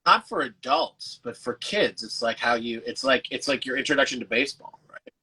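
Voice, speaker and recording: A man's voice: mid-range voice, very animated, normal speed, vocal fry, pushed and bright, slightly rough, low-quality recording. A man, an actor guest, chatting casually over a video call, loose and full of fillers and restarts, with the odd swear. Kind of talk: casual chat.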